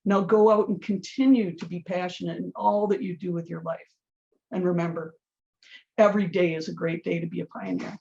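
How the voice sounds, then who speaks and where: A woman's voice: on the low side, steady tone, a little fast, creaky, warm tone. A woman giving an earnest, encouraging scripted address to graduates. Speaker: program speaker at a graduation. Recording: dull lo-fi sound.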